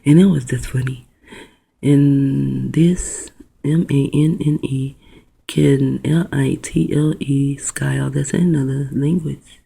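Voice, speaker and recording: A video host reads aloud while rambling, spelling out words letter by letter, musing with soft exclamations, and often slipping into a whisper. The voice is mid-range, creaky, and husky, with fairly even intonation and a slow pace, on a rough recording.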